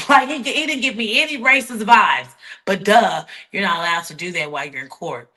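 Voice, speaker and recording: A woman guest in an interview, telling her story bluntly and defiantly, with many quick restarts. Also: medium pitch, sharp tone. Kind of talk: heated interview talk.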